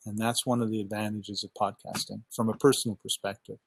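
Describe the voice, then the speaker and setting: A man coaching on podcasting in a casual chat over a headset mic, talking with lively enthusiasm and acting out his own thoughts. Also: on the low side, fast talker, gravelly, slightly rough, dry recording. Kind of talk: casual video call chat. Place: outdoors on a backyard balcony.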